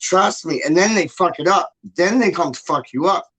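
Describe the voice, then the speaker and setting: A man chatting casually with an animated, slang-heavy way of talking and a lot of swearing. His voice sits a little higher than most men's. He acts out what people said as he goes. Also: normal speed. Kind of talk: casual chat.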